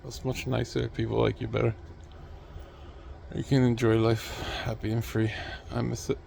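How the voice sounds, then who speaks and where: A man's voice: medium pitch, little pitch movement, moderate pace, gravelly, darkish tone, a little hiss or hum. A man talking to the camera at home in a rambling, restless solo monologue, with chuckling asides and remarks to his cat. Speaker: vlogger.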